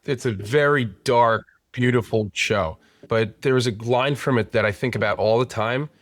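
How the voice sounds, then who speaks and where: Man, podcast host, mid-pitched, relaxed chat, dry close sound. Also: moderate pace, no room sound. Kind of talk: conversational podcast interview.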